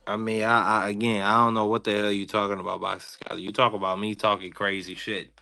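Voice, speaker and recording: A man co-hosting an online stream, answering jabs with deadpan, defensive comebacks. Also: lowish voice, fast, creaky. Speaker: co-host. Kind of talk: casual trash-talk banter. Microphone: remote stream mic.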